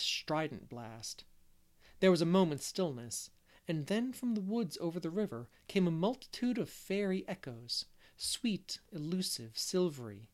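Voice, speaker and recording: A man reading a classic novel aloud as narrator, gentle and unhurried, with the odd stumble. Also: fairly high pitch. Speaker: audiobook reader. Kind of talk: storybook narration.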